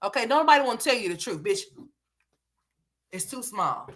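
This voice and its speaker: Blunt, profane woman scolding with a bright voice. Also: on the high side, animated, moderate pace. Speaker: commentary host. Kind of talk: reaction commentary.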